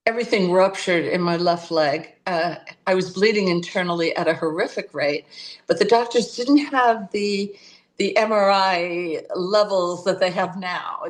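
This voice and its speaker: Older woman telling stories, animated. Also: lowish voice. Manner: animated, acts out voices in her stories. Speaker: astrologer guest. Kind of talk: conversational storytelling.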